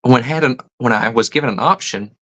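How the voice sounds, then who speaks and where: A man's voice: medium pitch, a little fast, bright, forceful tone, rough recording. A middle-aged man hosting a casual live stream, reading viewer comments aloud and musing about pronunciations with frequent chuckles. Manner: rambling, chuckles often, muses on pronunciations.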